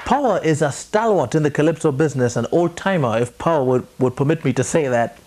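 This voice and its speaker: A man hosting a TV culture show, asking interview questions in measured, formal phrasing. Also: on the high side, lively intonation, background noise.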